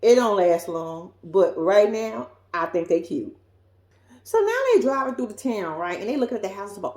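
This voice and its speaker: A woman talks through a reality show episode with blunt, sassy, profane asides. Her pitch jumps around a lot. The room around her is echoey. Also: animated, normal speed, a little mellow. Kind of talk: casual reality-show recap. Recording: roomy echo.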